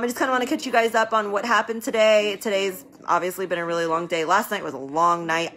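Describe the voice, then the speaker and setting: Chatty bright-voiced businesswoman on a live stream. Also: lowish voice. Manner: chatty, rambling, repeats words for emphasis. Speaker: medical business owner hosting a live stream. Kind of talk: casual live-stream talk.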